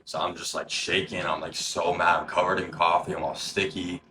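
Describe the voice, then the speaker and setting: A young man with a slightly hoarse voice, telling an animated story in casual chat and acting out the shouting. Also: deep voice, moderate pace. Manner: animated, acts out shouted quotes. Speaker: drive-thru coffee shop worker telling a story.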